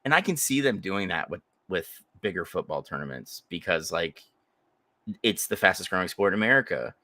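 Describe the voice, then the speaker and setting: A man with a low but bright, forceful voice whose pitch jumps around a lot. He talks in a sarcastic, profane way while co-hosting the podcast. The sound is close and dry. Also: sing-song, fairly quick, no echo. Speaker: podcast co-host. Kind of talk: casual chat.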